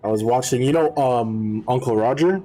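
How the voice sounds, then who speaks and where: A man's voice: medium pitch, moderate pace, mellow, low-quality recording. Easygoing man telling a story. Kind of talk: casual chat on a game stream.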